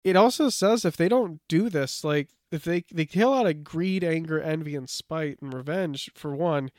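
This man co-hosts a podcast, casually telling lore, checking his notes, and saying "like" often. He speaks at normal speed with a fairly high pitch, and the recording is dry.

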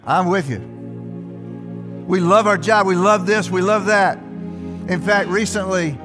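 Older male pastor, high voice, reverberant hall. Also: a little slow. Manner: conversational, asks the congregation questions. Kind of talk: sermon. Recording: long hall reverb with faint music.

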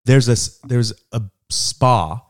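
A man's voice: medium pitch, slow pace. A young man co-hosting a casual podcast, reading news items aloud and joking with his friends. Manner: reads news items aloud, jokes and laughs often. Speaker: podcast co-host. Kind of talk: casual chat.

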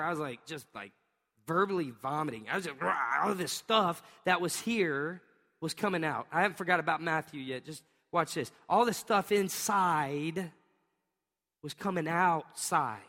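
A middle-aged pastor preaching a sermon, animated and storytelling, often laughing and acting out voices. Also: male voice, a little high. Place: large church hall. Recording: long hall reverb.

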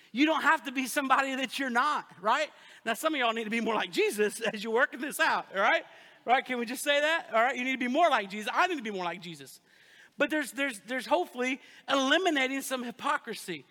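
A man preaching a sermon as pastor, joking and energetic, with call-and-response asides to the congregation. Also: very high voice. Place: church sanctuary. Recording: long church reverb.

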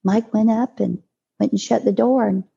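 An older woman tells a painful family story as an interview guest. Her voice is gravelly and husky with a mellow, dark tone. She speaks haltingly and often restarts, on a dull, lo-fi recording. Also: medium pitch, fairly even intonation. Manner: halting, with restarts and repeated words. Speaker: podcast guest. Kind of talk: emotional personal storytelling in an interview.

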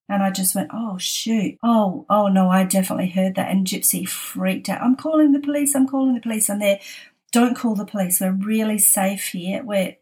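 A middle-aged Australian woman telling a casual story, chatty and laughing as she goes. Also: medium pitch. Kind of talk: casual spoken anecdote.

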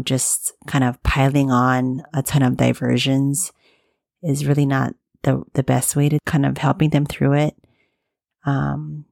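A woman in her thirties talking candidly in a personal, reflective monologue, with soft fillers and restarts. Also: rumbling low, gravelly, no room sound, clean studio sound.

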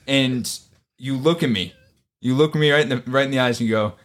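Male co-host, casual podcast banter, animated storyteller, acts out dialogue, profane. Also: mid-range voice, fairly quick. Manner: animated storyteller, acts out quotes, swears often. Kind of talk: casual chat.

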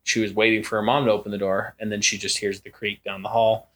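A young man casually telling a spooky story on a podcast, acting out the voices and creaking sounds. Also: fairly low pitch, quick pace. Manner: animated, acts out quoted voices and creaks. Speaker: podcast co-host.

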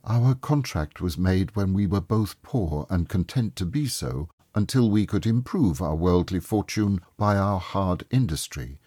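A man reading the part of a sorrowful young woman who softly releases her fiancé, speaking gently and with quiet reproach. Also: sits low, lively intonation, measured pace, hardly any pauses, husky, no echo, studio quality, full character voice. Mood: resigned resolve.

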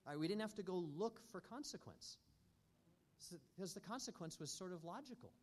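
A man's voice: high voice, lively intonation, a little fast, slight background noise. Earnest man teaching a parenting class. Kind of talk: church teaching talk.

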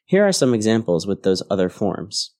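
A man hosting an English-learning podcast as a teacher, reading a scripted grammar lesson in a clear, measured way. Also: lowish voice, sing-song, a little mellow. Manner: clear, measured explanatory delivery.

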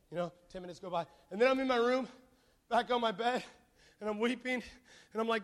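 A man preaching a sermon, telling a childhood story in a playful, animated way and calling on the congregation to answer back. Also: extremely high pitch, fast talker.

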